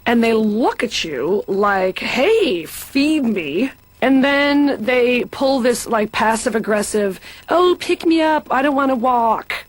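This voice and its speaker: A woman voicing a self-absorbed therapy patient in a cartoon, rambling and dramatic, quick to tear up. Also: fairly high pitch, big pitch swings, exaggerated voice, low-quality recording. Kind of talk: improvised cartoon dialogue.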